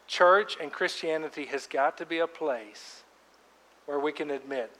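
A man preaching a sermon as pastor, emphatic, swinging between loud outbursts and hushed words. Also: fairly high pitch, measured pace. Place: church sanctuary. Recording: long reverb of a large church hall.

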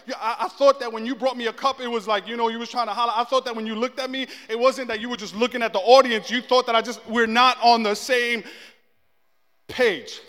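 A man's voice: very high-pitched, brisk. A man preaching a casual, comedic sermon in a church, telling stories and acting out what people say. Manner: animated storytelling, acts out quotes. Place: church sanctuary. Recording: long echo of a large hall.

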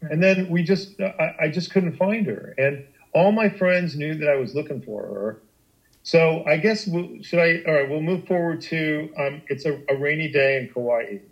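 A middle-aged man with a somewhat high voice tells a personal story on a podcast. He speaks in an animated, emphatic way, often restarting his sentences and swearing freely. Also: moderate pace, muffled recording. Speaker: guest storyteller.

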